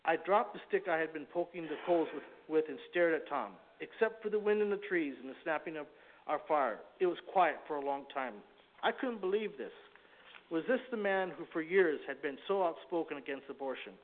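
Halting earnest preacher man, tinny sound. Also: fairly high pitch. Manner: halting, earnest reading with frequent self-corrections. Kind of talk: sermon, reading aloud from a book then preaching. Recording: tinny phone-like recording.

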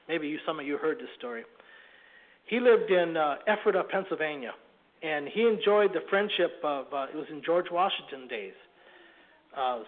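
High-voiced man preaching over a tinny line. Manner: halting, repeats words, clears throat and coughs. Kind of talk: sermon storytelling.

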